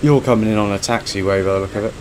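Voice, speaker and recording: A man's voice: fairly low pitch, steady tone, racing, a little mellow, a little hiss or hum. A man streaming a flight simulator, chatting casually and joking with a friend as he lands and taxis. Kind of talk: casual gameplay chat.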